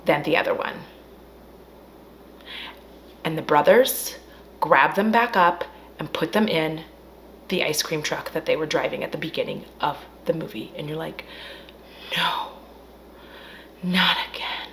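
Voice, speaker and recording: A woman recapping a horror film in a casual, animated way, acting out the characters' lines and swearing freely. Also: low voice, moderate pace, vocal fry, slight background noise. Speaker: film reviewer. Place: at home.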